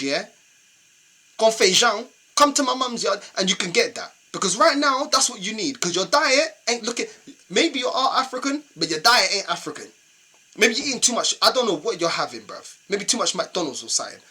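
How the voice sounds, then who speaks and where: A man's voice: sits high, sharp tone, breathy edge. A young man with a London accent ranting exasperatedly in a football fan reaction video, slangy and repetitive. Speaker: football fan channel host. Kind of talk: fan match reaction rant.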